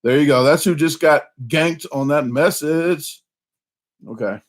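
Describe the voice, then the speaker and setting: A man on the high side vocally, speaking in an unhurried way, hosts a laid-back live stream in a Southern US accent. He rambles with many fillers and restarts, coughing and sounding a little hoarse.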